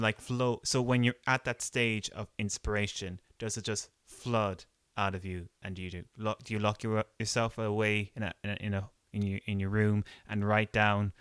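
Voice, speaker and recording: A man's voice: on the low side, little pitch movement, a bit bright, smooth, no echo. A man hosting a podcast interview, playful and teasing. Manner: playful, teasing, quick to joke and laugh. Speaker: podcast host.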